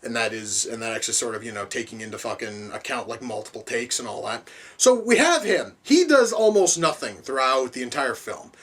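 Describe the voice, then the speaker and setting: A woman's voice: a bass voice, expressive, brisk, slightly rough. A woman reviewing a film in a casual, profane, rambling way, full of restarts and fillers. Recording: voice distant from the mic.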